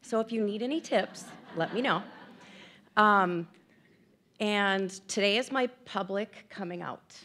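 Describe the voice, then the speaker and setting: A woman's voice: medium pitch, a little slow, fairly bright tone. A woman in her fifties giving candid, self-deprecating personal remarks at an event, tearful and emotional at times. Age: 50s. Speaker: speaker at an event.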